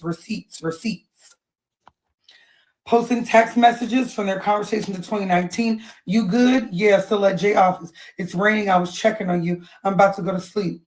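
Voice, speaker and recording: A woman's voice: mid-range voice, low-quality recording. A woman hosting a casual gossip livestream, chatting and reading out posts and text messages from her phone or webcam. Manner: chatty, reads out posts and texts. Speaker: host.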